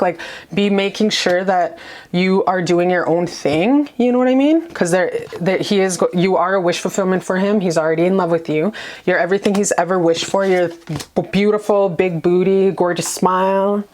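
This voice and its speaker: A woman's voice: lowish voice, darkish tone. A woman doing a casual tarot reading to camera, gushing, playful and profane, often checking in with "okay?". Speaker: tarot reader.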